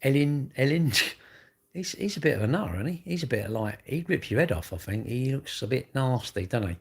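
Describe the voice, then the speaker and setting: A middle-aged man from England hosts his own livestream, chatting casually and rambling, with tag questions everywhere. His mid-range voice is gravelly and animated, delivered at a normal speed.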